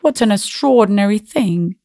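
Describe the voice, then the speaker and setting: A woman voicing a testy, deaf old grandfather in a storybook reading, loud and gruff. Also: medium pitch, animated, moderate pace, dry recording, studio quality, lightly acted.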